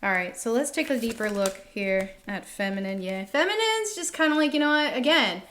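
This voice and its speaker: A woman's voice: on the high side, animated, a little fast, fairly bright tone, a little hiss or hum. A woman in her thirties giving a casual tarot reading to her viewers, emphatic and repeating phrases for effect. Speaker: tarot reader.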